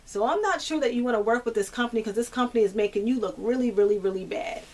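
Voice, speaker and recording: A woman vlogger telling a long, frustrating story to camera, animated and exasperated, laughing now and then. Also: on the high side, fast talker.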